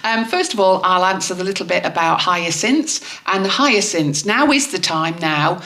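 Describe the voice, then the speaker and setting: A woman's voice: fairly low pitch, animated, moderate pace, a bit bright, echoey room. A woman co-hosting a gardening podcast, chatting playfully and rambling, with frequent giggles. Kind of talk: casual chat with gardening advice.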